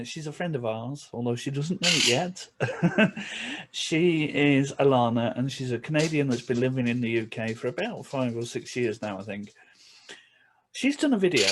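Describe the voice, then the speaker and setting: A man with a Yorkshire accent chatting casually to camera as a vlogger, chuckling between remarks and slipping into quick asides. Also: mid-range voice, lively intonation, background noise. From England.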